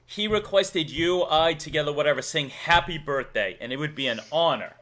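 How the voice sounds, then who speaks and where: A man's voice: fairly high pitch, moderate pace, fairly bright tone. A man with a Massachusetts accent hosting a live stream, chatting casually, laughing often and reading out donations. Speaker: streamer host.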